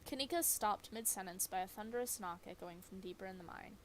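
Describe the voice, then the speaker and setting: A woman streamer narrating a visual novel in a measured, storytelling way. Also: mid-range voice, fairly bright tone, slight background noise. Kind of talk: game narration.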